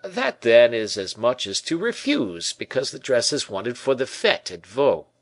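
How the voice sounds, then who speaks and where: A shrewd musketeer captain cajoles and presses his point briskly with a firm, lively voice, as a male narrator puts him on. His pitch rises and falls with animation. The recording is dry and close. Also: no room sound. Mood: cajoling.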